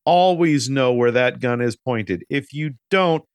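A man's voice: mid-range voice, measured pace, no echo. A man in his forties co-hosting a casual movie recap chat, telling stories and swearing freely. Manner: animated storyteller, swears freely. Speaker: podcast co-host.

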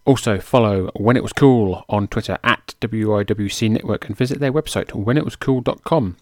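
A man's voice: fairly low pitch, normal speed, darkish tone, no echo, studio quality. A man hosting a podcast in a chatty, self-mocking way, now and then tripping over names. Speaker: podcast host. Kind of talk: casual podcast narration.

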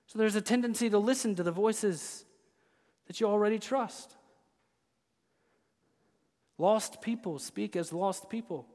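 A man preaching a sermon as pastor, with impassioned delivery that swings between loud proclamation and hushed intensity. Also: high voice, unhurried, long pauses. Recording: long church reverb.

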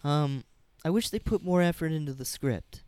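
A man's voice: fairly high pitch, moderate pace, darkish tone, clear, resonant tone, no room sound. A man co-hosting a casual movie review podcast, critical and wry, unimpressed by the film. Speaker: podcast co-host.

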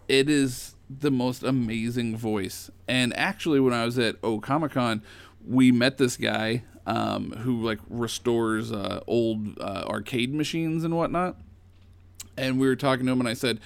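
A man's voice: mid-range voice, steady tone, unhurried, creaky, no echo. A man in casual podcast chat, talking enthusiastically in a rambling way with lots of fillers.

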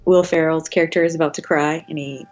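A woman's voice: low-pitched, steady tone, a little mellow, dull audio. Eager young woman podcast host. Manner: eager, quick to react. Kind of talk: casual chat.

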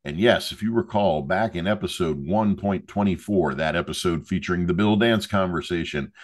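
A man hosting a podcast, talking casually and joking with loose asides as he reviews a drink. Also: low voice. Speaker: podcast host.

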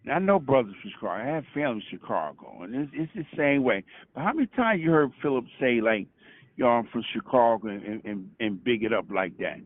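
A man's voice: medium pitch, big pitch swings, quick pace, hardly any pauses, dry recording. A man from Brooklyn, calling in to share a testimony, full of stammered restarts and "you know what I'm saying". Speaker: caller. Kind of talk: casual testimony on a call. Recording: dry tinny phone line.

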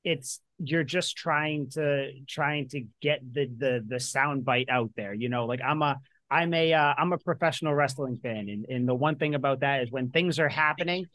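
A man co-hosting a sports podcast, speaking in a halting, agreeable way and repeating himself. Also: medium pitch, fairly bright tone, no room sound. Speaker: podcast co-host. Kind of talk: casual sports talk.

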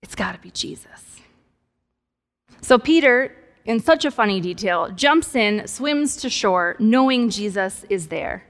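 A woman's voice: on the high side, expressive, unhurried. A woman pastor preaching a sermon in a conversational, playful way with humorous asides. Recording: long hall reverb.

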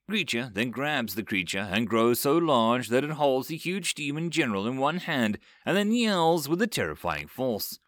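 A man narrating a dramatic story, his pitch swinging widely as he reads. His voice is mid-range and recorded dry and close to the mic. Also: moderate pace, hardly any pauses, no echo. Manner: animated, story reading.

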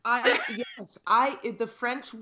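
A woman co-hosting a casual podcast, talking in a halting, playful way. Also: fairly high pitch, steady tone, highs cut off, over a noisy crowd. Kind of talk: casual group chat.

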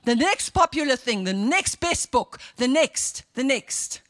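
High-voiced woman pastor preaching. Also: very animated, measured pace. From South Africa. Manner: preaching with rising fervent outbursts and quiet asides. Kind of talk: sermon.

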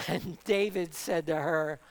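A man's voice: fairly high pitch, fairly even intonation, takes it slowly. A man preaching a sermon with passion, building through repeated phrases and rhetorical questions.

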